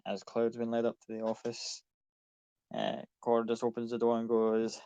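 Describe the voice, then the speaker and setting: Man, game master, casual scene narration, medium pitch, dry close mic. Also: completely flat delivery, moderate pace, warm tone, clear, resonant tone, no room sound.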